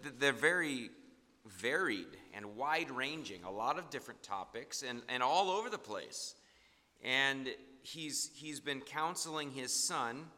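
Earnest male preacher, emphatic delivery, bright voice, recorded with long hall reverb. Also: mid-range voice. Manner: earnest, emphatic, reads scripture slowly. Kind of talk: sermon.

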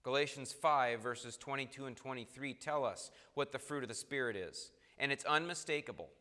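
A man's voice: medium pitch, moderate pace, sharp tone, in a large hall. A man preaching an earnest, emphatic sermon and reading scripture aloud.

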